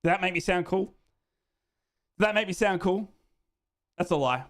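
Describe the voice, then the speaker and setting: Hosting a live football watchalong, an Australian man speaks at normal speed in a high, fairly bright voice. He's chatty and jokey, reading fan comments aloud, repeating himself and calling people "mate."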